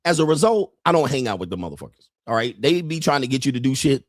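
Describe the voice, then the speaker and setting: Male host, mid-pitched, blunt and profane, casual rant commentary, dry close sound. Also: very animated, fast talker, dry recording. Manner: blunt, profane, repetitive, acts out quoted voices. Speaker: show host.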